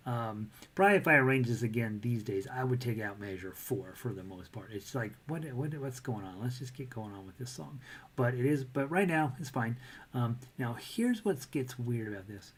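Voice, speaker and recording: A man's voice: mid-range voice, animated, normal speed, fairly bright tone, slightly rough. A man teaching a casual ukulele lesson, chatty and self-deprecating, breaking into bits of sung melody. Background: ukulele playing.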